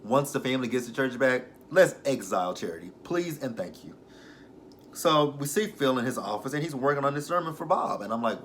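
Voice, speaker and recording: A man's voice: medium pitch, lively intonation, brisk, a bit bright. Male reviewer, casual and sassy, exasperated commentary, slight background noise. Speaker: TV episode reviewer.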